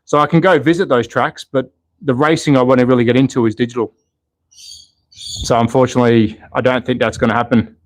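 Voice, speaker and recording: A man's voice: medium pitch, steady tone, a little fast, no room sound. Chatty Australian man on a live stream. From Australia, Melbourne. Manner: chatty, thinks aloud, reads and answers chat. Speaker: slot car channel host. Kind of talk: casual live stream chat.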